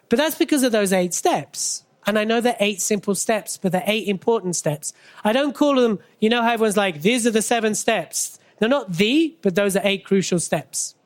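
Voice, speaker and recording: On a stage at a live expo, an energetic speaker with a medium-pitched voice gives a motivational business talk into a stage microphone. The style is conversational, with punchy short phrases and frequent quick questions to keep the audience involved.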